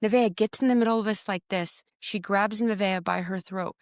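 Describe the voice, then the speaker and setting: A woman, a podcast guest, tells a personal story in an emotional, animated way. She acts out her own quoted words and often repeats or restarts them. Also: mid-range voice, normal speed, no room sound, studio quality.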